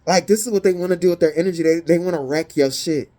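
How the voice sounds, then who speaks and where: A woman giving a casual tarot reading, blunt, profane and sassy, with animated indignant peaks. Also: lowish voice, quick pace. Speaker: tarot reader.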